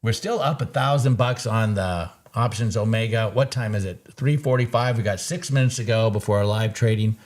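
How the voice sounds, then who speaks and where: Excitable man hosting a trading recap. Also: on the low side. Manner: excitable, quick to laugh, folksy sayings. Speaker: trader and show host. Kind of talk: live market recap, casual chat.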